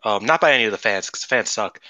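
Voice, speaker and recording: Rambling, very bright-voiced guy. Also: fairly low pitch, fast, no room sound, low-quality recording. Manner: rambling and excitable, heavy "like" and "dude". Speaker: podcast co-host. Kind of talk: casual podcast banter.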